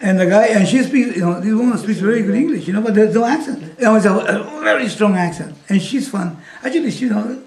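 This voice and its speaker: A man's voice: high-pitched, animated, fast, hardly any pauses. A man teaching in a casual, rambling way, chuckling often and saying "you know" a lot. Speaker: spiritual teacher. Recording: roomy echo.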